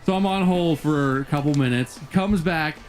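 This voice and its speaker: A man's voice: a little high, moderate pace, darkish tone. A man telling a casual, profanity-laced story with exasperation, laughing now and then as he recounts it.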